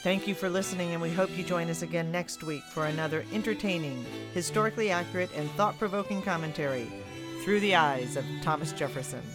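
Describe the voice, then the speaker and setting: A radio announcer reading scripted closing credits in a measured way, spelling out details slowly. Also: mid-range voice. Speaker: program announcer. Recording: voice over music. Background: fiddle music.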